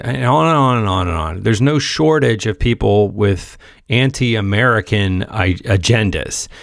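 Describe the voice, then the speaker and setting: Exasperated, sarcastic male commentator, gravelly. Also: mid-range voice, no echo, clean studio sound. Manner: sarcastic, exasperated, mocking impressions. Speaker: reaction commentator. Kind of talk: political reaction commentary.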